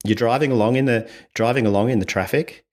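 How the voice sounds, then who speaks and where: An Australian communication coach talks fast on an interview podcast, laying out ideas step by step, acting out quoted voices and laughing often. His medium-pitched voice has a darkish tone.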